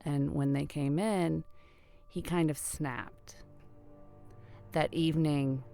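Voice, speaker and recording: A middle-aged woman telling a personal story in a conversational, earnest way, sometimes hushed. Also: low voice, fairly even intonation, takes it slowly, vocal fry, faint music behind.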